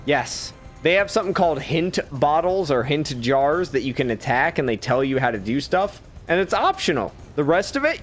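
Foul-mouthed excitable gamer man. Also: a little high, moderate pace, hardly any pauses, soft background music. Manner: profane, bossy, laughs a lot. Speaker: gameplay commentator. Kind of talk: casual let's-play banter.

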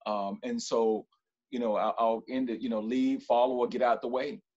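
A man's voice: mid-range voice, fairly even intonation, normal speed, darkish tone, muffled recording. A man speaking as a panelist on a video call, emphatic and repeating his key lines with a preacher-like rhythm. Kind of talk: panel discussion.

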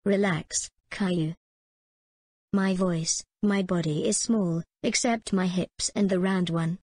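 A woman's voice: lowish voice, steady tone, slow pace, a little mellow, no room sound. A woman voicing a young waitress, earnest, in a plain amateur delivery with a dry sound.

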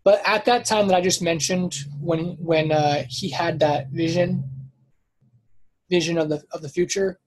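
A man giving a casual, unscripted scripture lesson, thinking aloud, stopping to correct himself and filling pauses with "um" and "like". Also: on the high side, fairly even intonation, rough recording. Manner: hesitant, self-correcting, thinks aloud with many fillers. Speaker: Bible study teacher.

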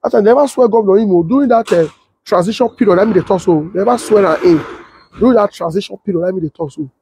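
A young adult man with a Nigerian Pidgin English accent, telling a story and acting out the voices of others in a husky tone. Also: fast talker, no echo. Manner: switches to high excited voice when quoting others. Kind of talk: animated storytelling with acted-out quotes.

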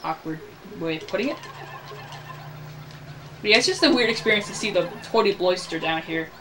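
This is a casual gameplay commentator talking at an ordinary middle pitch. The talk rambles and jokes, often stopping to fix a slip mid-sentence. A clear hiss of noise runs under the whole home recording. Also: animated, moderate pace, far from the mic. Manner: rambling, self-correcting, jokey. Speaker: let's play host.

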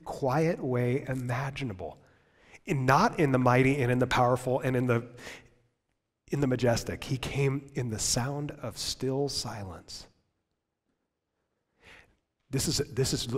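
A pastor preaches a sermon in a mid-range male voice. He builds to loud peaks and then drops to near hushes for effect. Long reverb from the church hall rings after his words. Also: mid-range voice. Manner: dramatic, swings from loud to hushed.

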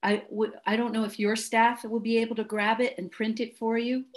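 A woman hosting an interview, gushing with praise and telling animated personal stories in a casual chat. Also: fairly high pitch, a little fast. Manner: effusive, storytelling, gushing praise. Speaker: host.

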